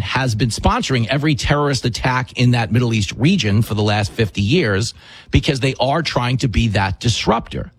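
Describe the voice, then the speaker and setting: A man's voice: mid-range voice, breathy edge, dry recording, poor audio. A man hosting a talk show, delivering combative, rhetorical political commentary with mocking asides.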